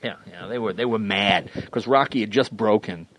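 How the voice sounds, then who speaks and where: A man's voice: lowish voice, normal speed, no echo. A man in his sixties, a guest comedian, telling anecdotes in a casual podcast chat. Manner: animated, anecdotal storyteller.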